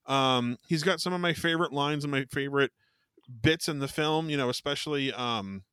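A man's voice: a little high, normal speed, fairly bright tone, smooth, no echo, studio quality. A man co-hosting a casual horror podcast, rambling with many restarts and casual swearing. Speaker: podcast co-host. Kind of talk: casual chat.

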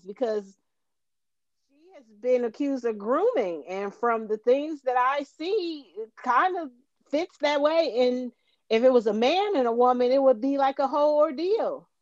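A woman's voice: high-pitched, expressive, measured pace, darkish tone, dry recording, lo-fi sound. A woman co-hosting a casual podcast, blunt and opinionated, laughing along with her co-host.

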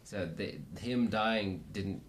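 A man's voice: lowish voice, slow, slight background noise. A man in a casual podcast discussion, talking thoughtfully and searching for his words.

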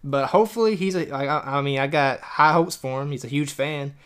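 A man's voice: a little high, fairly quick, a bit bright, clear, resonant tone. A man from New Jersey co-hosting a podcast, talking casually and enthusiastically with lots of fillers. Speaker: podcast co-host. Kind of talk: casual chat.

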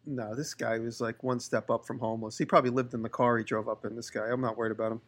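A man's voice: mid-range voice, level tone, fast. A man hosting a casual podcast, telling long rambling anecdotes about his workshop. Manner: rambling anecdotes, with voices for the people he quotes. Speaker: podcast host, woodworker. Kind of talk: casual chat, storytelling.

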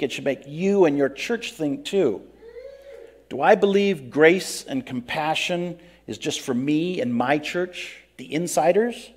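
An actor playing a grumpy biblical prophet who complains a lot, telling his own story in first person in an interview, plain-spoken and earnest. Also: on the high side. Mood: reflective. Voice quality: earnest, plain-spoken, breaks into pleading outbursts. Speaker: interviewee in character.

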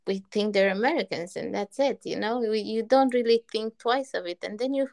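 A woman co-hosting a casual chat, agreeing often and pausing on fillers as she searches for words. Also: medium pitch, vocal fry, darkish tone. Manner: agreeable, hesitant with many fillers.

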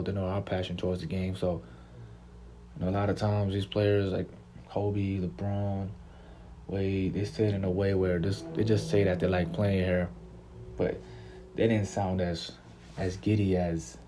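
Deep flat-voiced New man, laid-back. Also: slight background noise. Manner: laid-back, slangy, repeats himself. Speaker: podcast host. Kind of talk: casual sports chat.

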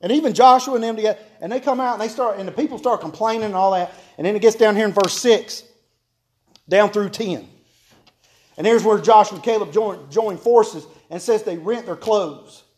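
High-voiced folksy preacher, a man. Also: moderate pace, darkish tone. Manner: homespun, joking, repeats key phrases for emphasis. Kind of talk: folksy sermon to a congregation.

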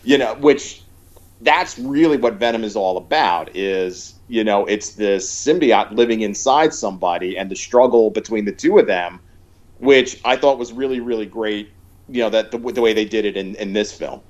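A man's voice: fairly low pitch, normal speed. Rambling man in a lo-fi recording. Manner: rambling, many fillers and restarts. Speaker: podcast co-host. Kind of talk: casual movie discussion. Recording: dull lo-fi sound.

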